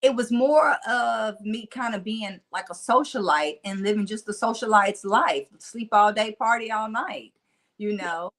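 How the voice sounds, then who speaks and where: A woman in her forties with a Southern country twang tells stories as a motivational speaker in a casual interview. She's animated and laughs often, speaking in a mid-range voice at a measured pace.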